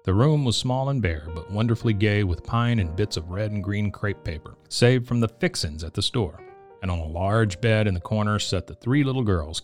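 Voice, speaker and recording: Man, low voice, storybook narration, measured and gentle, faint music underneath.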